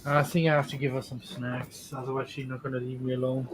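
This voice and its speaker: A man's voice: mid-range voice, level tone, quick pace, background noise. A man chatting playfully on a casual podcast, teasing and joking.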